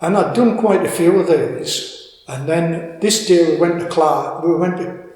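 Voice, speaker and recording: An older man with a Cumbrian accent telling a story in an interview, halting and repeating words as he goes. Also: on the high side, darkish tone. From Cumbria, England. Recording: echoey room with long reverb.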